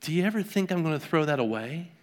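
A man's voice: on the high side, lively intonation, fast talker. A middle-aged man preaching a sermon, a pastor telling personal stories in a conversational way with restarts and rhetorical questions.

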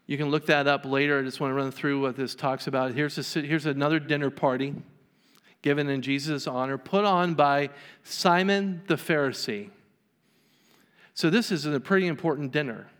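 A man preaching a sermon, his voice sitting a bit high for a man. He retells a story, acting out the people in it as he goes. The church around him rings with a long reverb. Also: moderate pace, fairly bright tone, clean tone. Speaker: pastor.

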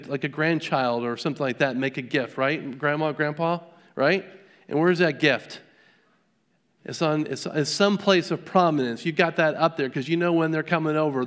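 A middle-aged man preaching a sermon, a pastor telling personal stories in a conversational way with restarts and rhetorical questions. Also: a little high.

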